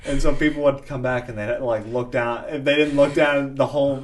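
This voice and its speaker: A man's voice: medium pitch, steady tone, a little fast, a little hiss or hum. A young man in casual podcast chat who tells stories in a chuckling, laid-back way.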